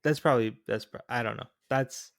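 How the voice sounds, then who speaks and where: A mid-pitched man chats in a relaxed way and keeps questioning the logic of the story. His voice is recorded dry and close. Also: fairly quick, creaky, dry recording. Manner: questioning, puzzles over plot holes. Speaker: podcast co-host. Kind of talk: casual chat.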